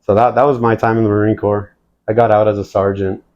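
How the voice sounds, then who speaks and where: A man with a lowish voice tells stories in a casual, animated way, swearing freely and acting out quoted dialogue. The recording sounds dull and lo-fi. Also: quick pace. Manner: profane, animated storytelling, acts out quoted dialogue. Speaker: guest, military veteran. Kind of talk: casual storytelling.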